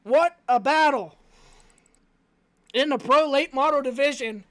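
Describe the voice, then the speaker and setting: A man announcing a live race with energetic, rapid-fire play-by-play commentary. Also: extremely high pitch.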